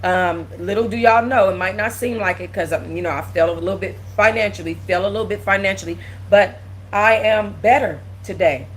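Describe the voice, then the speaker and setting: A woman's voice: mid-range voice, brisk, a little hiss or hum, rough recording. Blunt, emotional woman streamer. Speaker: channel host. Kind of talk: casual livestream chat.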